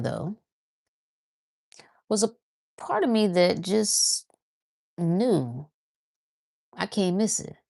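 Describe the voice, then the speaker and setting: A woman's voice: deep voice, a little mellow. A woman hosting a casual spiritual talk, thinking aloud and repeating herself as she goes. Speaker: host of a spiritual talk show.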